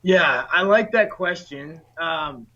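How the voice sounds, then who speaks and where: A man's voice: on the high side, expressive, takes it slowly, sharp tone. A man being interviewed as a guest, speaking earnestly and with passion about his work. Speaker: guest, solar sales dealer. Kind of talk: interview answer. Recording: slightly dull lo-fi audio.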